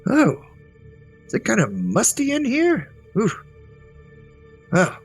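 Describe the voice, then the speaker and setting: A man's voice: very high voice, wildly swooping pitch, slow, slightly rough, soft background music, pitched above the performer's own voice, full character voice. A man voicing a forgetful old male wizard who rambles cheerfully and loses his thread. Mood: chipper, rambling. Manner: rambling, chipper, absent-minded.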